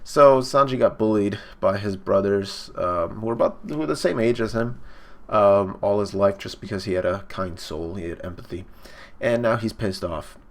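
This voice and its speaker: A man talks through a cartoon episode in loose, casual reaction commentary, full of fillers and restarts. His voice sits on the low side. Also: moderate pace. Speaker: reaction streamer.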